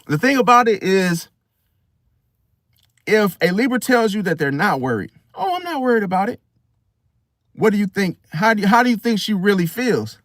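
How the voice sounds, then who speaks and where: An astrology vlogger gives a casual, preachy monologue full of slang and rhetorical questions like "See?", speaking bluntly and swearing casually. His voice is on the high side, with no room sound.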